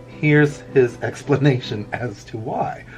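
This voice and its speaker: Speaking slowly in a medium-pitched voice, a middle-aged vlogger tells a meandering story while drawing. He keeps chuckling at his own jokes in a relaxed, chatty way, and soft music can be heard behind him.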